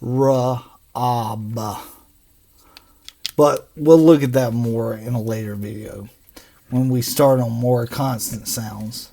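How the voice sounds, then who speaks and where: A man teaching a phonics lesson for children, sounding out letters slowly and patiently. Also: mid-range voice, creaky, dark tone. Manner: slow, drawn-out sounding out of letters.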